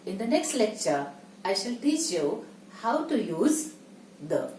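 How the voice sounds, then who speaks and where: A woman teaching a grammar lesson, who explains slowly and checks in with her listeners. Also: mid-range voice, sing-song, a little mellow. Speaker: English teacher. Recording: echoey room, distant mic, faint noise.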